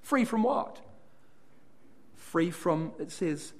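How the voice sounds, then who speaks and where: A man's voice: on the high side, very animated, slow pace, vocal fry, pauses often, darkish tone. Man explaining scripture verse by verse. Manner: explanatory, asks and answers his own questions; reads scripture aloud and unpacks it verse by verse. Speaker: Bible class speaker. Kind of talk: Bible study talk.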